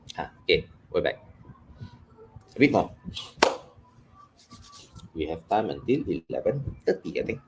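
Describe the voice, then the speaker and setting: Animated man teaching English. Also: low-pitched, slow, long pauses, background noise. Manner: animated teaching, switching into Malay asides. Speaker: English communication trainer. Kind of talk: live workshop lecture.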